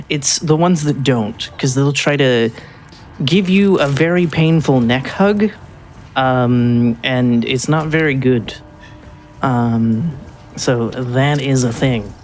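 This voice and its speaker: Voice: mid-range voice, expressive, measured pace, darkish tone, soft background music. A speedrunner giving casual live commentary on their own run, rambling a little with frequent ums and restarts.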